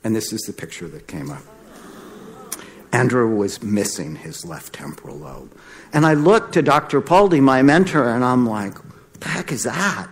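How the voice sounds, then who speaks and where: A man's voice: medium pitch, moderate pace, slight background noise. A middle-aged man, a doctor, giving a storytelling talk and acting out the voices of the people in it. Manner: animated, acts out the voices in his stories. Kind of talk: storytelling lecture.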